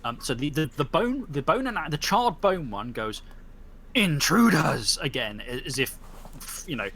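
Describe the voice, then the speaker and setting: A man's voice: fairly high pitch, sing-song, normal speed, fairly bright tone, slight background noise. A man narrating as game master in a tabletop game, describing scenes with many fillers and restarts.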